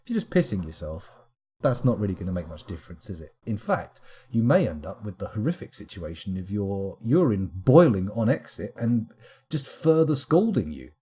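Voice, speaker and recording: A man's voice: lowish voice, very animated, normal speed, dark tone, breathy edge. A man giving live, casual commentary while streaming a game, rambling along with wry asides.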